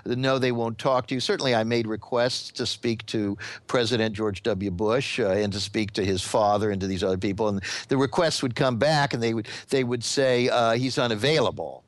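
A man, an author and guest on a podcast, answering questions at length in a halting way with many fillers and restarts. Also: mid-range voice, steady tone, no echo.

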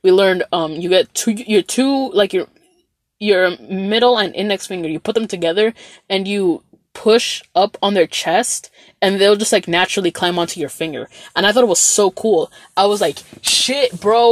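A woman's voice: medium pitch, moderate pace, no echo. Profane rambling young woman storyteller. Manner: rambling, profane, animated storytelling with many fillers. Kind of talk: casual storytelling vlog.

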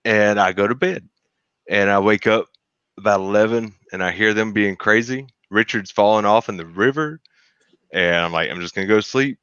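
A man, co-hosting a podcast and telling a lively story where he acts out his friends' voices. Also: fairly low pitch, normal speed, clear, resonant tone, dry recording, muffled recording. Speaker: podcast co-host. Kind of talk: casual storytelling.

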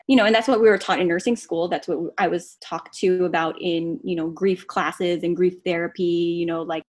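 A woman in her thirties speaking earnestly and reflectively in a casual podcast conversation, often quickening into fast runs. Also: lowish voice. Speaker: guest.

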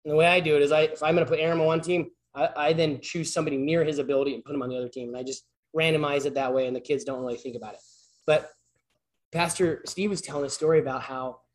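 A man's voice: fairly high pitch, fairly even intonation, rapid-fire. A man who works as a PE teacher, filling in as a church speaker and giving an informal, story-driven sermon in a rambling, conversational way full of restarts.

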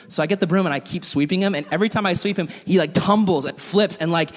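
A young male youth pastor preaches in a loose, chatty way, joking with his listeners as he tells a story. His voice sits fairly high for a man. The sound carries a long reverb from a large hall. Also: fast, few pauses. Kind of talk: casual sermon.

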